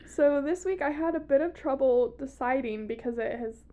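A woman's voice: high-pitched, normal speed, warm tone, dull audio. A young woman hosting a podcast in casual chat, talkative and loose, full of fillers and swearing. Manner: chatty, swears, many fillers. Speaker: podcast host. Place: podcast room.

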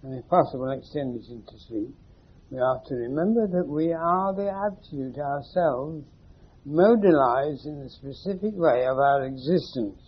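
His voice is on the high side and husky, and he keeps a moderate pace. The man, a spiritual teacher from England, gives a relaxed, teasing talk to a small group in a meeting room, asking them questions, preserved on muffled 1980s tape.

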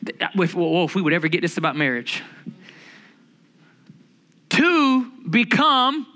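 Bright-voiced preacher with playful emphasis. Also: male voice, a little high. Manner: lively, humorous preaching with drawn-out emphasis. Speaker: pastor. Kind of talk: sermon.

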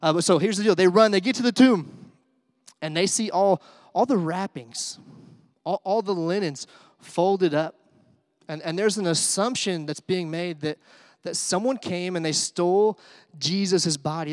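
A pastor preaches an Easter sermon conversationally, with asides and fillers, shifting between hushed and excited tones. His voice is high-pitched and measured in pace, in a studio-quality recording with no echo.

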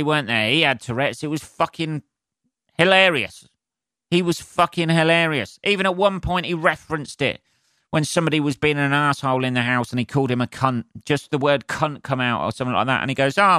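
A man rants alone into his podcast mic, swearing freely and laughing at his own temper. His voice is bright and forceful, recorded close and dry. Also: fairly high pitch, dry recording. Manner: sweary, ranting, self-mocking. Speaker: podcast host. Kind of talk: solo podcast rant.

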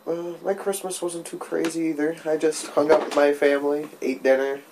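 A man's voice: on the high side, level tone, moderate pace, noisy background. A man in casual conversation who rambles, restarts his thoughts and swears casually. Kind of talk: casual chat.

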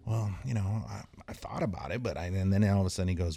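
Deep-voiced guy in his 40s rambling through stories on a podcast, lots of ums, dead dry sound. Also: creaky, warm tone, husky, no echo. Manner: rambling, halting, many fillers and restarts. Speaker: podcast guest, tattoo artist. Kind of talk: casual storytelling chat.

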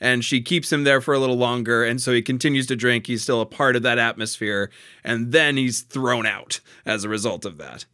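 A man's voice: mid-range voice, fairly quick, sharp tone, dry recording, clean studio sound. A man in casual conversation about a play, laughing often and restarting his sentences. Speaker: podcast co-host discussing a play. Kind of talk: casual chat.

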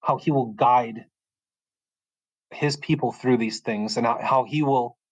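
A man's voice: mid-range voice, unhurried, no room sound, low-quality recording. Guy telling his faith story from his bedroom, earnest, rambly, keeps restarting, dead dry sound. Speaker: podcast guest. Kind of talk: personal faith testimony in conversation. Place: bedroom at home.

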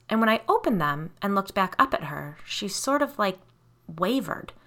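A woman's voice: medium pitch, creaky, bright, forceful tone. A woman reading a first-person story aloud in a conversational way, with asides to her listeners.

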